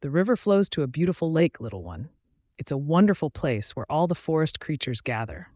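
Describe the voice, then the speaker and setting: A man voicing a kind mother duck in a bedtime story, speaking gently and kindly. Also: fairly high pitch, very animated, fairly quick, dry recording, studio quality.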